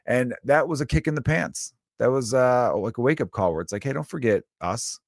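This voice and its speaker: A man's voice: mid-range voice, lively intonation, fairly quick, no echo, clean studio sound. A man in his thirties, a stand-up comedian, talking in a casual solo monologue that rambles, swears freely and is full of fillers. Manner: rambling and profane, with frequent fillers.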